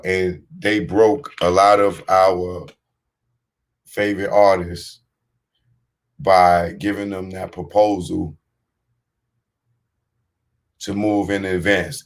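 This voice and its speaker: A man hosting a show, giving blunt, streetwise commentary on a clip he has just played. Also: low voice. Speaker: podcast host.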